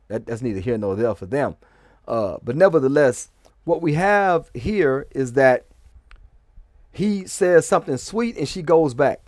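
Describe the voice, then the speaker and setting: A man's voice: medium pitch, a little mellow, no echo, studio quality. A man giving rambling casual commentary, restarting sentences and often checking "okay?". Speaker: vlogger.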